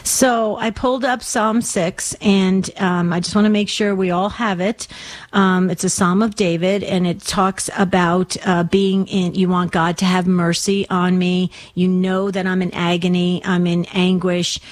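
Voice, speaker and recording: A woman's voice: mid-range voice, fairly even intonation. A woman hosting a call-in radio show, speaking in an encouraging and earnest way. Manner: encouraging, warm, slow and earnest. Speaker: radio host.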